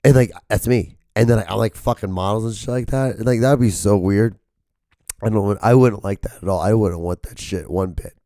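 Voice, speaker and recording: A hoarse man with a strained, cracking voice rambles through a casual podcast monologue, swearing freely. His voice sits low and sounds dark and mellow. The recording is dry and close. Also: brisk, no room sound. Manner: profane, rambling, full of fillers. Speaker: podcast host.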